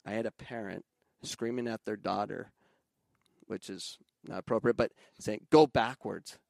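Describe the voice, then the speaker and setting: Gravelly low-voiced soccer coach man. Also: moderate pace, dry recording. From Arizona. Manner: animated, mimics other coaches and parents in raised voice. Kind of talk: casual podcast conversation.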